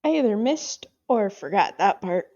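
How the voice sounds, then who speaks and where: A woman's voice: medium pitch, normal speed, lo-fi sound. A woman playing a tabletop game, speaking expressively in character. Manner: expressive, laughs easily. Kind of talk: in-character roleplay.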